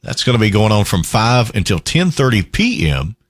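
A man hosting a country radio show, chatting between songs in a lively, easygoing way and chuckling at his own asides. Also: on the low side, moderate pace, dry recording, studio quality.

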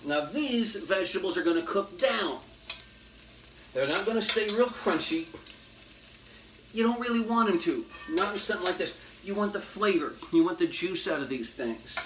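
Amid loud sizzling and frying, a horror movie host cooks casually in his home kitchen, cracking folksy jokes in hip slang. His fairly high voice is animated and runs at normal speed, broken by long pauses, with background noise throughout.

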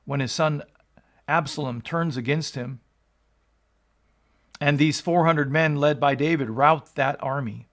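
An American male pastor reads scripture aloud and explains it. His voice is medium-pitched and slightly bright, and his earnest teaching tone rises when he wants to stress a point.

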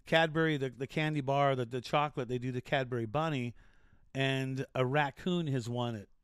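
A man's voice: mid-range voice, normal speed, clean tone, dry recording, studio quality. A man hosting a casual show, joking and rambling through odd news stories with restarts. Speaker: show host.

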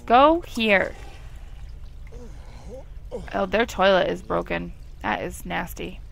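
Giggly young woman with a gravelly voice. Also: on the low side, flat delivery, normal speed. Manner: chatty, giggly, talks to the game characters. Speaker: gameplay commentator. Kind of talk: casual let's play commentary.

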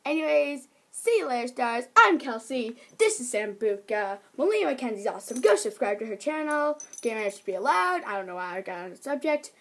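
Teen girl rambling on her vlog, giggly, bit of a high voice, hops topic to topic. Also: big pitch swings, fairly quick, hardly any pauses. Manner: chatty, giggly, jumps between topics. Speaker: vlogger. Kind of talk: casual vlog chat.

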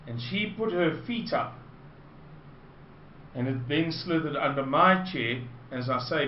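A man with a South African accent telling a personal anecdote to listeners, slowly and with digressions. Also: mid-range voice, slight background noise. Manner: slow, digressive, unhurried storytelling. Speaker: storyteller. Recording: roomy, dull lo-fi recording.

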